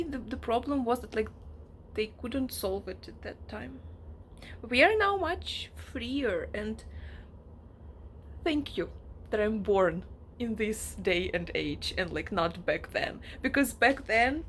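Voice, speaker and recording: A woman chatting casually in a reading vlog, emotional and animated as she talks about a book. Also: a little high, slow pace, pauses often, slight background noise. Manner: emotional, animated, acts out characters in quoted asides. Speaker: book vlogger.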